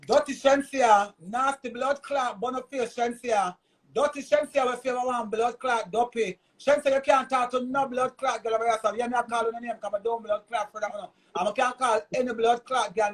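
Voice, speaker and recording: A man with a Jamaican accent ranting loudly on a live stream, cursing and repeating himself. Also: very high voice. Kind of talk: heated live-stream rant.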